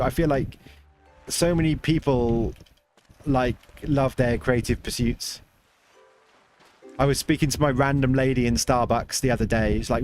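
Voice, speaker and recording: A man hosting a casual game livestream, chatting loosely and answering viewers' chat as he plays. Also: medium pitch. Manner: chatty, reads chat aloud, rambling with restarts. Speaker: livestream host.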